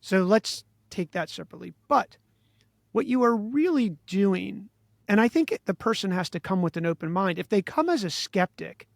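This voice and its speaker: A man from Maryland hosting an interview, thinking aloud in a halting, musing way with many restarts. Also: high voice, animated, creaky, no room sound, clean studio sound. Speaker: podcast host. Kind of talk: casual interview chat.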